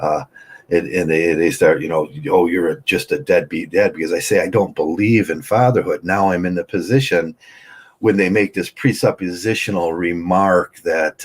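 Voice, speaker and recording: A man in his sixties talking in a rambling, argumentative, unscripted monologue, halting often. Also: low-pitched, steady tone. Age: 60s. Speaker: vlogger.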